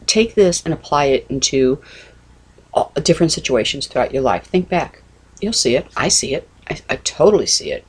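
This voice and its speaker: A woman's voice: low voice, a little mellow. A middle-aged woman giving a casual devotional talk, earnest and conversational, often checking in with "okay?" and "you know". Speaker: Christian vlogger.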